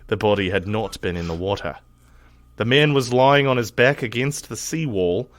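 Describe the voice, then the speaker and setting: A man's voice: on the low side, normal speed, dry recording, close to an everyday voice. A man reading an old newspaper report aloud in an exaggerated put-on Australian accent. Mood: hammy. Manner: exaggerated, loud, hammy reading.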